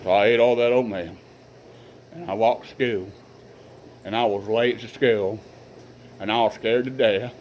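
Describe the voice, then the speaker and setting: A man's voice: lowish voice, steady tone, a little slow, long pauses, darkish tone, a little hiss or hum, low-quality recording. Folksy middle-aged man telling stories. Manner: folksy, rambling, earnest. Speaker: vlogger telling family stories. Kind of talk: casual personal storytelling.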